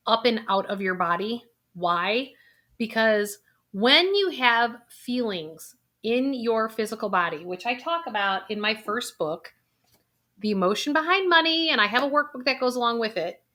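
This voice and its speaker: Middle-aged woman, financial planner vlog host, bright voice, coaxing guided exercise, slow soft affirmations. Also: medium pitch.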